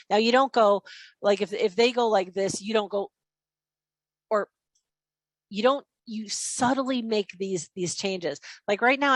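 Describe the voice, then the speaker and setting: Woman, sales trainer, video call, energetic, chatty, dry sound. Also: mid-range voice, no room sound. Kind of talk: live online training session.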